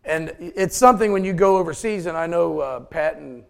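A man's voice: on the high side, normal speed, vocal fry, smooth. A man preaching a sermon, joking with his congregation between points. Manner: folksy, joking asides to the congregation. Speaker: pastor.

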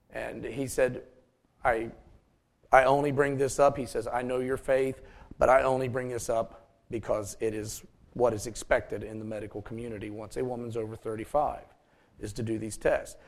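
A pastor preaches a sermon in a mid-range voice with vocal fry. Between points, he makes folksy, joking asides to his congregation.

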